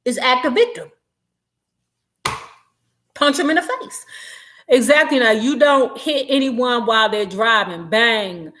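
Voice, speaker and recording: A woman's voice: fairly high pitch, expressive, a little slow, pauses often, fairly bright tone. A woman vlogger, chatting animatedly and profanely while gossiping and reading comments on a livestream.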